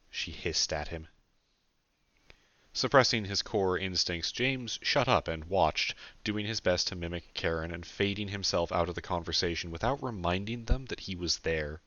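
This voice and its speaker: A man, the author, narrating his own audiobook in a plain, steady manner. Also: low-pitched, moderate pace, no room sound, dull audio.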